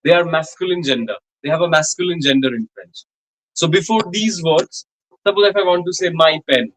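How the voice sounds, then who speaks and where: A man teaching a French grammar lesson in a college classroom, explaining slowly with many fillers and repeated examples. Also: a little high, fairly bright tone, rough recording. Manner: repetitive, many fillers and restarts, slow spelled-out examples. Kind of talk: classroom lecture.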